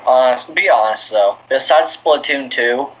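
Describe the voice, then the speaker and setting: A podcast co-host in casual gaming chat who makes quick, joking asides. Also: mid-range voice, a bit bright. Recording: dull lo-fi audio.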